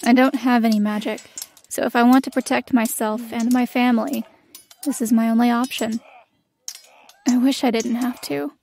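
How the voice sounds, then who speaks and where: A woman's voice: a little high, steady tone, normal speed, creaky, darkish tone. A young woman narrating in the first person as a bitter, magicless female elf soldier in an audio drama, her inner monologue defiant.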